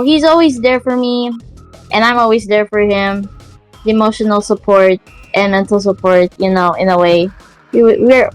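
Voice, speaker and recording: A woman's voice: medium pitch, rough recording. A woman guest chatting casually and playfully, hyping up her friends. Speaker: interview guest. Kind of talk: casual online chat.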